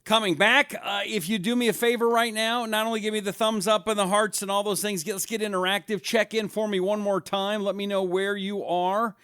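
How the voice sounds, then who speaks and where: Middle-aged guy hosting a live stream, rambly and jokey, kinda high voice, dry sound. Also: fairly even intonation, brisk, few pauses, bright, forceful tone, clear, resonant tone, no echo. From Washington State, USA. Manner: rambling, joking, reads viewer comments. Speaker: talk show host. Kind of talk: casual live-stream talk show.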